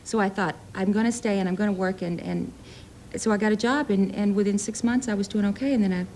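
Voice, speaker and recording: A woman's voice: medium pitch, fairly even intonation, fast, a little mellow, a little hiss or hum. A woman from Tennessee with a Southern Tennessee accent, a chatty, giggly actress telling stories as a talk show guest. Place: TV studio with audience.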